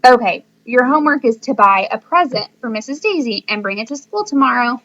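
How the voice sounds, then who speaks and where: A woman voicing an emotional, gushing teacher who is also a mom, sing-song and high-pitched. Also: lively intonation, a little fast, a bit bright, dull audio. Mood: cheery.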